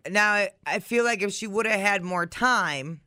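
A man co-hosting a morning radio show retells a story and laughs his way through it. His voice sits high and bright. The sound is dry and close. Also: normal speed, dry recording. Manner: storytelling, laughs, acts out quotes. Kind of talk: casual morning show banter.

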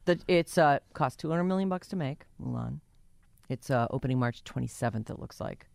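A woman's voice: very deep voice, a little fast, creaky, a little mellow, dry recording. Woman radio host, chatty, dry close sound. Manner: chatty, self-mocking, laughs often. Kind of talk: morning radio chat. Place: radio studio.

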